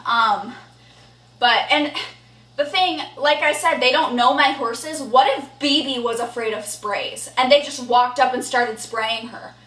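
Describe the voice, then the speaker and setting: A woman's voice: fairly high pitch, unhurried, fairly bright tone, far from the mic. A young woman vlogging an indignant storytime rant, blunt and swearing freely. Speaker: horse vlogger. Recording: echoey room, voice a bit off-mic.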